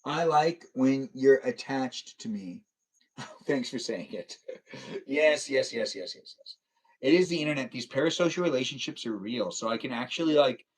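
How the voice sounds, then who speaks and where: A young man live streaming, chatting casually and teasing his viewers as he reads their comments, laughing often. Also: mid-range voice. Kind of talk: casual livestream chat reading viewer comments.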